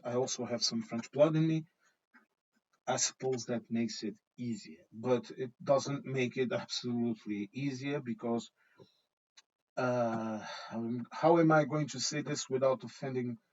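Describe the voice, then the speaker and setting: A man's voice: mid-range voice, steady tone, a little slow, a little mellow. A middle-aged man from Portugal with a Portuguese accent, blunt and swearing freely as he gives his opinions in a casual vlog monologue, often checking in with "okay?". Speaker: vlogger. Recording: dull lo-fi recording.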